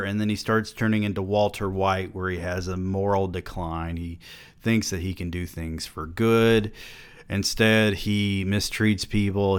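A man's voice: low voice, a bit bright. A man who writes novels, giving a blunt, sardonic, casual book review and swearing freely.

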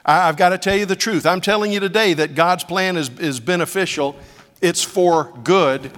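A middle-aged man with a high-pitched voice preaches a sermon at normal speed, telling stories that swing dramatically from hushed tones to loud cries. A long reverb tail follows his words.

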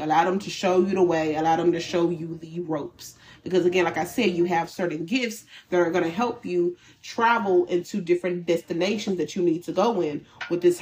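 Candid woman giving a tarot reading. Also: fairly low pitch. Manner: animated and candid, with slang and swearing. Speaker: tarot reader. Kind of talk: casual spiritual reading.

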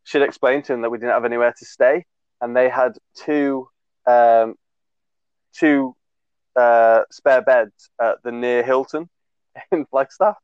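A man in his twenties, a podcast co-host, tells a long, rambling story in casual chat, laughing, swearing, and using lots of fillers. His voice is medium-pitched, steady, clear, and resonant, with a measured pace and long pauses. The recording is lo-fi with no room sound.

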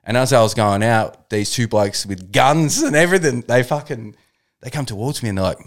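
A young Australian man co-hosting a podcast, telling stories in a relaxed way, swearing freely and laughing often. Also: medium pitch, brisk. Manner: laid-back storytelling, swears a lot, laughs often. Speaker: podcast co-host. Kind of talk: casual chat.

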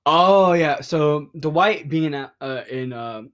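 Rambling, excitable young man. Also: fairly high pitch, takes it slowly. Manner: rambling and excitable, many fillers and restarts; openly emotional. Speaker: podcast host. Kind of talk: casual podcast recap of a comic.

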